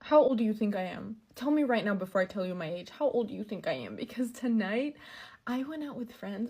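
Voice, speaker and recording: A woman's voice: mid-range voice, a little mellow, husky. An eighteen-year-old woman telling a casual story and putting questions to the viewer. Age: teens. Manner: chatty, asks the viewer questions.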